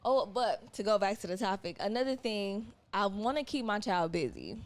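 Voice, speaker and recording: A woman's voice: mid-range voice, animated, moderate pace. A young adult woman co-hosting a podcast, talking bluntly and emphatically in casual slang. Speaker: podcast co-host. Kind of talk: casual chat.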